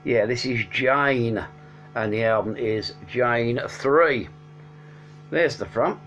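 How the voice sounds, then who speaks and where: A man's voice: medium pitch, takes it slowly, a bit bright, soft background music. A man casually reviewing albums at home, rambling with many ums and restarts but enthusiastic. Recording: dull lo-fi sound with faint hum.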